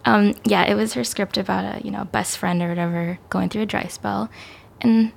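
Woman rambling and giggling on a podcast, bit of vocal fry, chatty and animated. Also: medium pitch, normal speed. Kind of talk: casual chat.

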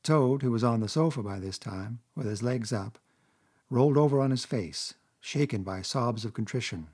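Man, storybook narration, husky tone, steady even reading. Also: mid-range voice, normal speed.

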